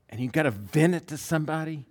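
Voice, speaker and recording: A man preaching a sermon, acting out quotes with big swings from loud bursts to hushed lines. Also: medium pitch. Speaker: pastor.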